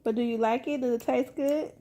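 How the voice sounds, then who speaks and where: Woman vlogger, kinda high voice, casual taste test chat, lots of "you guys" and mm's while eating. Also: steady tone, mellow. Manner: chatty, keeps addressing viewers as "you guys"; talks while eating, with drawn-out "mm" sounds. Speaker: vlogger reviewing a snack.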